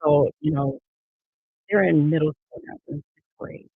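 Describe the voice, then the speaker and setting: A woman in her fifties speaks earnestly in an interview, her husky, gravelly voice leaning on repeated phrases for emphasis. The sound is tinny and phone-like. It is also dry, with no room around it. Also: deep voice, measured pace, dry recording. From Erie, Pennsylvania. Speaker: judicial candidate guest. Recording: tinny dry online call audio.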